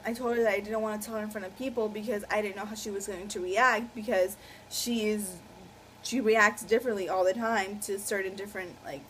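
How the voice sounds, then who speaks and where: A woman's voice: mid-range voice, slight background noise, rough recording. A woman in her twenties telling a personal story to camera in a casual, rambling way, full of fillers and a little awkward. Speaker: vlogger.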